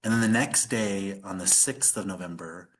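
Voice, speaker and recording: Low-voiced man telling his story. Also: normal speed. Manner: earnest, animated, many fillers like "like" and "uh". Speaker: podcast guest. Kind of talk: personal storytelling in conversation.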